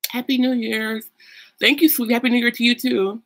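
A woman's voice: on the high side, little pitch movement, a little fast, fairly bright tone, a little hiss or hum. A young woman chatting casually while doing her makeup at home, gushing and full of fillers. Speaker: beauty vlogger. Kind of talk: casual get-ready-with-me chat.

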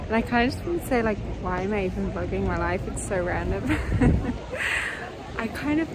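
A woman's voice: medium pitch, expressive, quick pace. A young woman vlogging casually to her phone about her travels, effusive and spiritual, saying "like" a lot, from a city street and then a train. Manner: effusive, spiritual, heavy use of "like". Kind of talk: casual travel vlog to camera. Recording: loud street and train noise behind. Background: vehicle and street noise.

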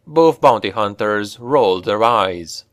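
A male narrator reading a grim fantasy tale with slow, measured pacing. His voice sits fairly low. The recording is dry and close. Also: no room sound. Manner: steady, measured storytelling. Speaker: audiobook narrator.

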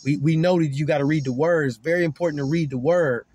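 A man's voice: a little high, fairly even intonation, fast talker, darkish tone, breathy edge. A man giving an informal Bible teaching, earnest and repetitive, often stumbling over and repeating his words. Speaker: online preacher.

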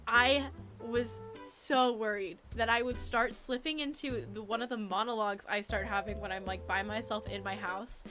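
A woman's voice: a little high, steady tone, normal speed, hardly any pauses, over music. A young American woman, a musician streaming a game, chatting casually and rambling through stories between frequent laughs. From United States. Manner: chatty, rambling storyteller who often laughs. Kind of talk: casual chat while gaming.

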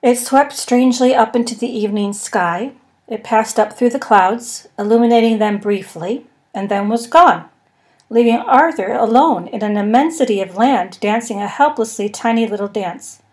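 A woman narrating a comic science fiction novel in a measured, wry storytelling manner. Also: on the high side, a little mellow. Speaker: podcast narrator. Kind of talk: audiobook reading.

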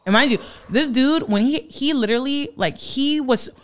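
A woman in casual chat telling a story in lively detail, acting out the people in it and swearing freely. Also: high-pitched, moderate pace. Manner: animated, acts out quoted voices, swears freely. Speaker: guest.

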